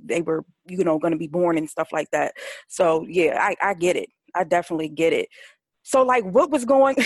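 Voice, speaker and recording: Female interviewer, low-pitched, dry sound, supportive and affirming. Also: no room sound. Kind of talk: casual interview.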